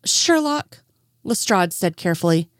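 A woman reading a fan story aloud as scripted narration, voicing every character herself with only small pitch lifts. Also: sing-song, measured pace, no echo, clean studio sound. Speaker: fanfiction reader.

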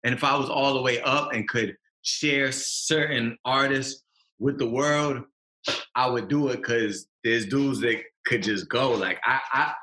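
A man's voice: medium pitch, pushed and bright, reverberant. A man, a rapper talking as a podcast guest, passionate and emphatic with street slang. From Massachusetts. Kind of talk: casual podcast interview.

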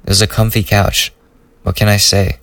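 A man's voice: lowish voice, flat delivery, normal speed, gravelly, a bit bright, no room sound, recorded from a distance. A young man hosting a solo podcast, rambling loosely through a profane personal story in a casual way. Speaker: podcast host.

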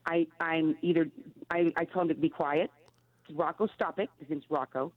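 Halting woman caller on phone line. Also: deep voice, level tone, dry recording. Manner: halting, with many restarts. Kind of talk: phone call-in.

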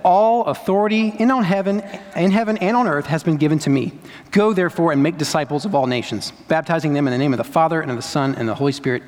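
Man preaching in a reverberant hall. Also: a little high. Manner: emphatic preaching with repetition and rhetorical questions. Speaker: pastor. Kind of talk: sermon.

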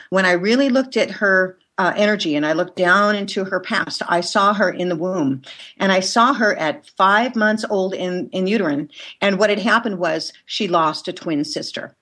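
A woman working as an energy healer, guest in a conversation, telling stories in a lively way with frequent laughter. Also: on the low side. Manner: lively, laughs often, animated storytelling. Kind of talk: storytelling in a conversation.

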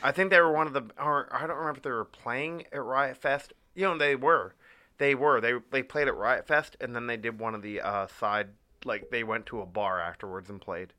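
A man's voice: mid-range voice, fairly quick, bright, forceful tone, dry recording. A young adult man co-hosting a casual podcast chat, enthusiastic and swearing freely. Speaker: podcast co-host.

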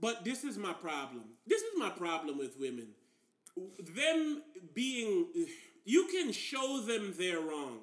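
A man's voice: high-pitched, slow, reverberant. A man co-hosting a podcast in casual banter, telling stories with lots of laughter and acted-out quotes. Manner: animated storytelling, laughs often, acts out quotes. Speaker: podcast co-host.

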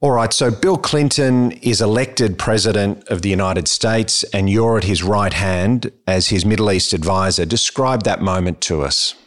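Deep-voiced interview host. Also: male voice, moderate pace, few pauses. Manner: quiet back-channeling, brief prompts.

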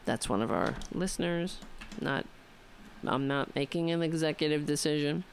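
A woman's voice: deep voice, normal speed, gravelly, slight background noise. A woman with a New York accent hosting a political talk radio show, chatting to listeners in a rambling, wry way.

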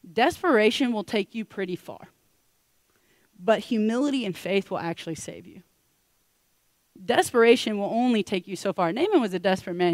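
A woman preaching a sermon in a lively storytelling way, acting out the characters with casual slang. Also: medium pitch, dry recording. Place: church.

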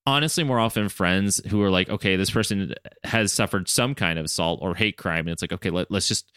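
A podcast co-host with a deep, resonant, clear voice speaks fairly quickly as he retells an episode in casual chat. He's animated, acting out the characters' lines along the way. The recording is dry and studio quality.

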